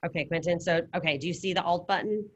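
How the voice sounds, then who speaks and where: Teacher, woman, lowish voice, casual step-by-step coaching over video call. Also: quick pace. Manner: casual, encouraging, talks students through steps. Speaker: Spanish teacher. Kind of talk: online class instruction.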